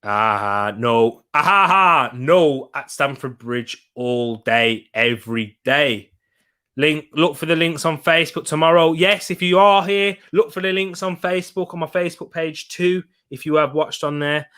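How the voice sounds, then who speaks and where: A young man chats through a live football stream, answering his viewers in an easy, laughing manner. His voice sits a touch high, with a bright, forceful edge. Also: a little slow, clear, resonant tone. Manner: chatty and upbeat, laughs often. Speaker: football watch-along streamer. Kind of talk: live football watch-along chat, reading viewer comments.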